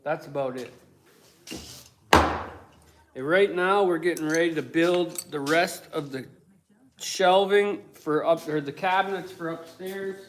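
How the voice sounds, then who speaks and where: An unhurried man whose voice runs on the high side livestreams from his home workshop, pausing often amid slight background noise. He swears nonstop and rants combatively at his chat while building.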